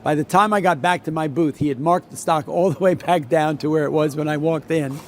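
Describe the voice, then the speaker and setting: A man's voice: on the high side, a little fast, slight background noise. Rambling older New man. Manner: rambling, many restarts and repeats. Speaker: veteran floor trader. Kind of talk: solo talk with anecdote.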